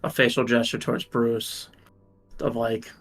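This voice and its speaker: A man's voice: medium pitch, little pitch movement, measured pace, fairly bright tone, soft background music. A man playing a tabletop game, chatting casually and asking questions. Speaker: player.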